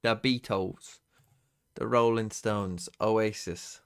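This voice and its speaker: Low-pitched male streamer, offhand and muttering, frequent swearing. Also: a little slow. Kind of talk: casual live-stream commentary.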